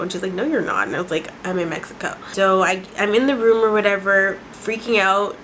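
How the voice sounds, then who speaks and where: Young woman in her twenties from Canada, casual storytime vlog, profane and dramatic, mid-pitched voice, faint hiss behind. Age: 20s. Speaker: vlogger.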